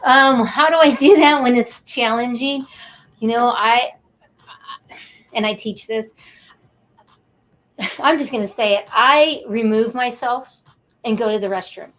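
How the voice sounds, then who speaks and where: A woman's voice: on the high side, unhurried, pauses often, fairly bright tone, low-quality recording. A woman co-hosting a talk show, counseling-minded, speaking emotionally with repeated words and heartfelt emphasis.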